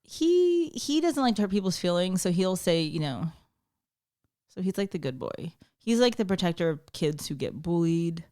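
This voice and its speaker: A woman's voice: lowish voice, very animated, moderate pace, mellow. A woman, chatting as a podcast guest and telling stories with lots of fillers. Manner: chatty storyteller with many fillers. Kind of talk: casual chat.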